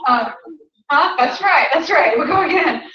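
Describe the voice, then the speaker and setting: A woman's voice: high voice, lively intonation, moderate pace. A chatty Southern US woman with a Southern accent, coaching a small group in a casual training talk and laughing often. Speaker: sales trainer. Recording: roomy, distant, dull.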